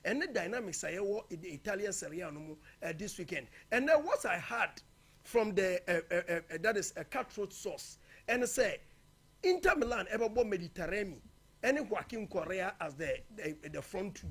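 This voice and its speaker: A man talks through upcoming football fixtures in a loose, emphatic style. His voice sits high and has a husky edge, and it swings widely in pitch as he stresses his points. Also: very animated, normal speed, fairly bright tone. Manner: emphatic, mixing in local-language phrases. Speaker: football pundit. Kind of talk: casual football match preview.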